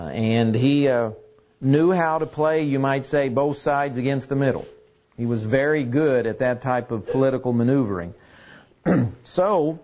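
Male Bible teacher, casual and halting, mid-pitched, dull lo-fi recording. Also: a little mellow. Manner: halting, with many fillers and restarts.

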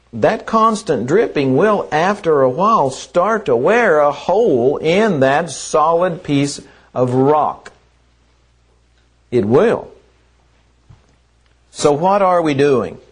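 Slow, earnest male preacher. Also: fairly high pitch, animated. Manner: slow, earnest, repeats phrases for emphasis. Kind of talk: sermon.

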